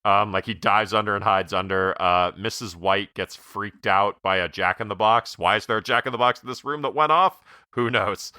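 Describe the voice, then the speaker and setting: A man's voice: fairly low pitch, normal speed, bright, forceful tone, clear, resonant tone, dry recording, clean studio sound. A man in casual podcast chat, animatedly acting out film lines in exaggerated voices.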